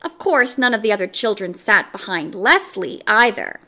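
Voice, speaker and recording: A woman reading a children's book aloud, slow and expressive. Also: medium pitch. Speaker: storyteller.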